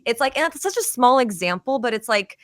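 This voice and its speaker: A woman's voice: on the high side, big pitch swings, brisk, no echo, studio quality. A woman hosting a podcast, telling stories in an earnest, casual way with many fillers like "you know". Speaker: podcast host.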